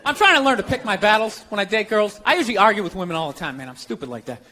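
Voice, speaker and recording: A man's voice: high-pitched, expressive, very fast. A man doing a stand-up comedy set, ranting and sarcastic with a lot of profanity, in front of a live audience. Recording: live show with loud crowd laughter and room noise.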